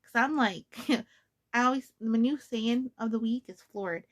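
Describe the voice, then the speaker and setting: A woman vlogger in her thirties chatting casually to her viewers about crochet, bubbly and quick to giggle. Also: fairly high pitch.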